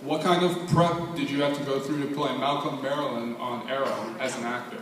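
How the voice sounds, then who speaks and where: A man's voice: mid-range voice, steady tone, moderate pace. A man in the audience politely asking a question at a convention panel, a little hesitant. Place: large convention hall. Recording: distant mic in a very echoey hall with noise.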